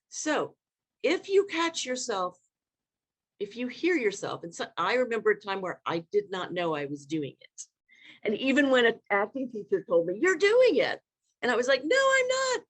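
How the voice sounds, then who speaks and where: Woman coaching a live online workshop. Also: medium pitch. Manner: animated, demonstrates vocal inflections. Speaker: leadership coach.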